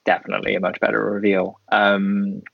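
A man with a very deep, gravelly and husky voice chats casually as a podcast co-host, agreeable and quick to laugh along. The sound is dry and a little dull, lo-fi. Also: completely flat delivery, no echo. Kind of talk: casual watchalong chat.

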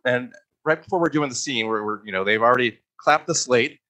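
A man guest on a podcast, animated and laughing often as he tells stories from a past job on set. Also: medium pitch, brisk, rough recording. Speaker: guest, former stand-in. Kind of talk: casual podcast chat.

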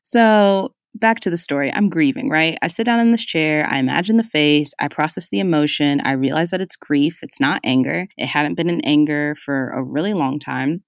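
Podcast host, reflective personal monologue, casual and conversational, mid-pitched voice, dry close recording. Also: moderate pace, few pauses, no room sound. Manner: casual and chatty, many "like"s and "y'all"s.

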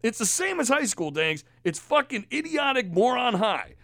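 A man hosting a podcast, ranting angrily with heavy profanity and loud emphasis. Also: very high-pitched, big pitch swings, normal speed, vocal fry, dry recording, clean studio sound. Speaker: podcast host.

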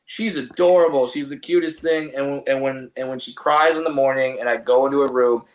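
A man, a comedian guest, chatting casually on a podcast with halting restarts and profane jokes. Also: medium pitch, fairly even intonation. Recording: echoey room.

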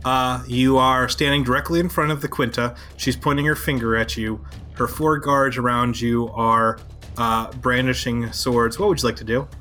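A man narrating as game master of a tabletop game, halting and full of fillers, now and then shouting short character lines. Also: medium pitch, fairly even intonation, soft background music.

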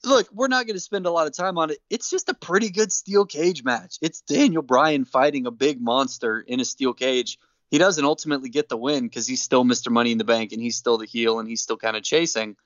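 A man's voice: mid-range voice, fairly quick, fairly bright tone, no echo, dull audio. A man co-hosting a podcast, telling a show's story in an enthusiastic, jokey way. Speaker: podcast co-host. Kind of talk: casual chat, recapping a show.

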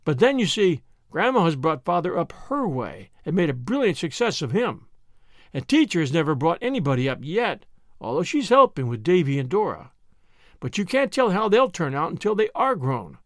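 A man reading aloud as an earnest, serious young boy who speaks gravely and thoughtfully in an audiobook. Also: fairly high pitch, sing-song, normal speed, no room sound, studio quality.

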